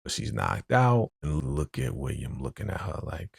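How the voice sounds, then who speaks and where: A man talks through a TV episode in a loose, slangy way, full of "you know"s. His voice is deep and gravelly, but the pitch jumps all over. The sound is dry and close. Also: normal speed, no room sound. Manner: animated, slangy, keeps saying "you know". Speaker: TV episode reaction host. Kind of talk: casual recap chat.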